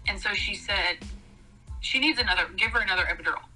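A woman's voice: fast talker, faint music behind, poor audio. A woman casually telling a comic story on a podcast, acting out what others said with big jumps in her voice and frequent laughter. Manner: animated, acts out quoted voices with big pitch jumps, laughs often.

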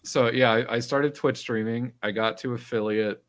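A man's voice: mid-range voice, steady tone, normal speed. A man telling a story in casual chat, laughing often and swearing casually. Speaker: podcast guest.

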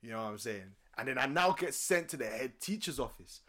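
A young man with a London accent, casually telling a story on a podcast, animated and laughing often. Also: fairly quick. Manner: animated, swings loud and high when excited, laughs often. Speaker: podcast co-host.

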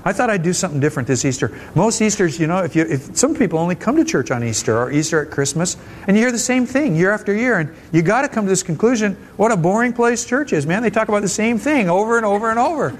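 Folksy, higher-voiced man preaching. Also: expressive, fast talker, few pauses, a little hiss or hum. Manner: conversational and folksy, frequent restarts. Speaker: pastor. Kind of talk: sermon. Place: church service.

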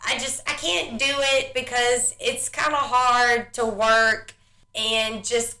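A woman's voice: on the high side, flat delivery, slow pace, bright, forceful tone, roomy sound. A young woman co-hosting a casual podcast, venting about her kids with plenty of laughs and swearing. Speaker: podcast co-host. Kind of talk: casual chat.

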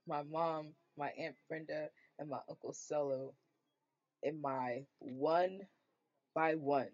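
A woman of twenty, hosting her own podcast, telling stories in a casual, animated way, swearing freely and saying "like" a lot. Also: low voice, slow pace, no room sound, muffled recording. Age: 20s. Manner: animated, swearing, storytelling with filler "like". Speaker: podcast host. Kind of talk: casual solo podcast monologue.

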